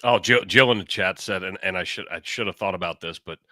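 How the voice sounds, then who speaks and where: A man co-hosting a casual talk show, agreeable and quick to laugh, with halting, restarting sentences. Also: sits low, pushed and bright, no echo, studio quality. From United States. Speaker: podcast co-host. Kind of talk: casual chat.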